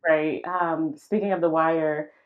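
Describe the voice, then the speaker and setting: Woman, low voice, podcast co-host, relaxed casual chat, informal slang. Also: measured pace, narrow, tinny audio.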